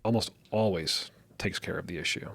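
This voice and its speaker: A middle-aged man co-hosting a casual podcast conversation, telling lively everyday stories and illustrating them as he goes. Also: low-pitched, moderate pace, gravelly, slightly rough, dry recording. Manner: lively storyteller, acts out parent voices. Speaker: podcast co-host.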